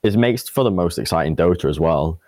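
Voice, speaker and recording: A man's voice: low voice, animated, a little fast, a little mellow, dry recording, studio quality. A man co-hosting a casual podcast chat, blunt and swearing freely. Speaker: podcast co-host.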